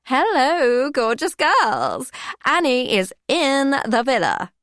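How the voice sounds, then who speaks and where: Brief: woman playing a brash, theatrical older woman with a put-on posh voice, higher and louder than the narrator. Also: very animated, slow pace, no echo, studio quality, heavily acted. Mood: showy loud.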